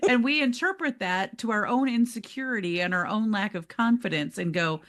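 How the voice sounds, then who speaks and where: Animated woman podcast co-host. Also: a little high, normal speed. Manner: animated, acts out quoted self-talk, laughs often. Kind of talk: casual motivational chat.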